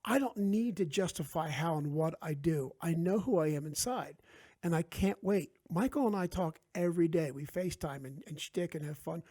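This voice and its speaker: A man's voice: a little high, normal speed. A middle-aged man from New Jersey, a podcast guest telling stories in casual chat and acting out the voices he quotes. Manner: animated, acts out quoted voices.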